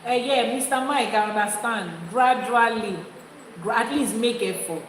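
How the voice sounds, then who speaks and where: A woman's voice: on the high side, moderate pace, slight background noise. A woman with a Nigerian accent, an Ifá priestess teaching an audience, speaking emphatically and repeating her points to drive them home. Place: indoor room with people present. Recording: echoey hall with faint ambience.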